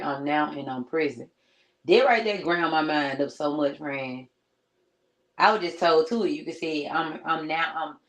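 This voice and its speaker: Young woman vlogger, low voice, casual slangy pep talk straight to camera, keeps saying friend. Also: rough recording. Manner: slangy, conversational, keeps addressing viewers as friend. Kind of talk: casual motivational chat. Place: at home. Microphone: streaming setup.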